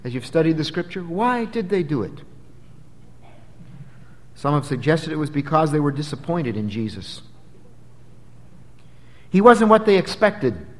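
A man preaching an expository sermon, emphatic, swinging from loud dramatic peaks to low, quiet drops. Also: lively intonation, normal speed, pauses often. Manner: emphatic, dramatic rises and drops in pitch and volume. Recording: long hall reverb.

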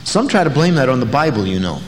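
A pastor preaching a sermon, telling stories with a dry, folksy humor. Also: male voice, mid-range voice, big pitch swings, fast. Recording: long reverb, faint noise.

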